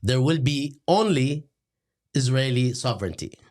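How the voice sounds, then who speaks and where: A middle-aged man, hosting a satirical lecture in a deadpan, sarcastic manner. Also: medium pitch, measured pace. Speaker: host.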